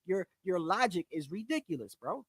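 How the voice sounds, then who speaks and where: On his boxing channel, a man rants in casual commentary with a high-pitched, husky, very animated voice at a moderate pace, recorded with no room sound. He curses, speaks bluntly and emphatically, and repeats things for emphasis. He talks straight to viewers, often saying "bro".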